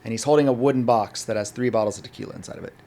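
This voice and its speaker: A man talks quickly as a guest on a podcast, with a voice of ordinary pitch. He tells a story with energy and acts out what each person said. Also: a little hiss or hum. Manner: animated, acts out the dialogue of people in his story. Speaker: guest, restaurant owner and former bartender. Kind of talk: casual storytelling in a podcast interview.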